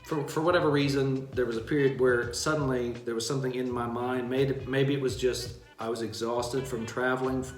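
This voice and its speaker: A man co-hosting a casual live-stream chat and speaking in a measured, reflective way. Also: mid-range voice, steady tone, roomy sound, faint music behind. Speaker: co-host, opera singer.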